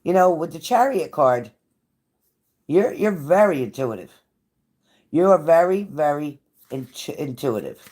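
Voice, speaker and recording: A woman's voice: low voice, big pitch swings, measured pace, long pauses, darkish tone. A woman giving a live tarot reading to viewers, blunt and profane, with a pep-talk delivery that repeats phrases for emphasis. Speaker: tarot reader.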